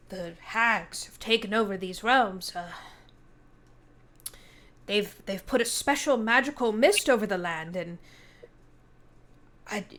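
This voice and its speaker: A woman doing a weepy, gushing fairy dragon knight. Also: a bit bright. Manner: tearful, gushing, high-pitched.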